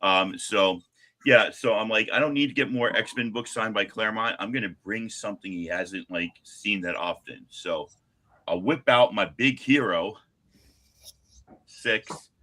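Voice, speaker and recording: A man in his fifties from Long Island, hosting a live stream and telling stories in a chatty, animated way. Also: fairly low pitch, a little slow. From Long Island, New York. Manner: chatty, animated, acts out what people said. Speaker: comic shop live stream host. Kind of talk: casual storytelling chat.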